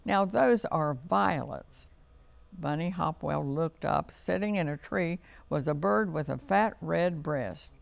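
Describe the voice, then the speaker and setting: A man reading a children's storybook aloud for a TV story time, in a slow, gentle read-aloud manner. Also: on the high side, creaky, dry recording.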